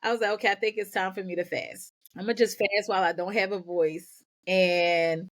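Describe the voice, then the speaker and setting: Give me a woman telling her own story on a podcast, energetic and quick, repeating words as she talks. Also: medium pitch. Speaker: podcast guest, nonprofit founder. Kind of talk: candid personal storytelling.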